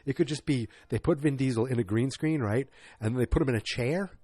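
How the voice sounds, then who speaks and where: Husky-voiced man rambling a movie review. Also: mid-range voice, fairly quick, dark tone, dry recording. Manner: rambling, self-mocking, loose and jokey. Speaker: podcast host. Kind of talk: casual movie review monologue.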